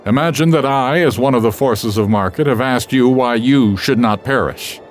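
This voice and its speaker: A man voicing a calm, wise male wolf who leads the pack, speaking quietly and firmly. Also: medium pitch, normal speed, soft background music, voice pushed up, close to an everyday voice. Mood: solemn. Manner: quiet, firm, solemn.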